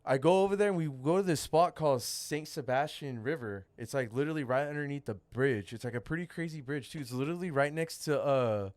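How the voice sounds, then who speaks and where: Young male podcaster, smooth clear voice, dry close sound, laid-back storyteller who swears. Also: fairly high pitch, fairly quick, few pauses, darkish tone, no echo. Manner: laid-back, rambling, swears a lot, says "dude". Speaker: podcast host telling a story. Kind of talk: casual storytelling chat.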